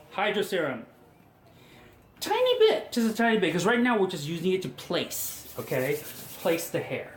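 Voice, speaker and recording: A man's voice: on the high side, a little hiss or hum. A man, a hairstylist, talking viewers through a hair styling tutorial step by step in a chatty, coaxing way with self-mocking asides. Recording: echoey room with faint ambience.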